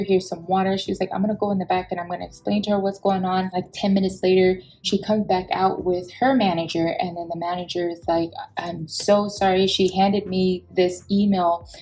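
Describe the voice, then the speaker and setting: A woman, telling a personal story in an expressive, heated vlog style and acting out the people she quotes. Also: mid-range voice, gravelly, low-quality recording.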